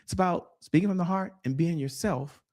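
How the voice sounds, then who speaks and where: A man's voice: a little high, brisk, a little mellow. A middle-aged man, a sales strategist guest in an interview, telling stories energetically and addressing viewers directly in a preacher-like way.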